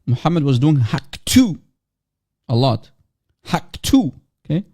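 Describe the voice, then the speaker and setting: A man's voice: on the high side, sing-song, a little slow, mellow, husky. A man hosting a heated online debate, combative and mocking, hammering the same question over and over. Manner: combative, mocking, repeats himself insistently. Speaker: debate livestream host.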